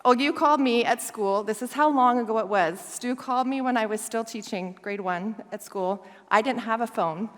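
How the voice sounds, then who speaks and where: A woman guest speaker telling a lively story, laughing often and acting out the voices of the people in it. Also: fairly high pitch, moderate pace, few pauses. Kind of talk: storytelling talk. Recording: long hall reverb.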